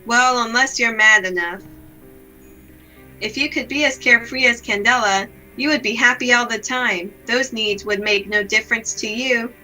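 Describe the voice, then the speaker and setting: A woman reading aloud the lines of a gloomy, self-blaming young woman from a visual novel, in a slow, subdued, melancholy way. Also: a little high, bright, forceful tone, soft background music, low-quality recording.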